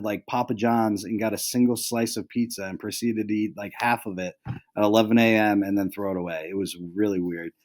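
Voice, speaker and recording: Rambling young man with a low voice. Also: a little mellow. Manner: rambling, full of "like" and "um"; jokey, handing out mock penalties to friends. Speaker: host of a fantasy football recap. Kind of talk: casual recap monologue.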